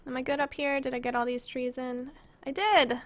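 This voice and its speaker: Bright, giggly woman streamer. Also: sits high, fairly even intonation, fairly quick. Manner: giggly, rambling, reads viewer questions aloud. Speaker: game developer streaming her mapping work. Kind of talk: casual live-stream chat.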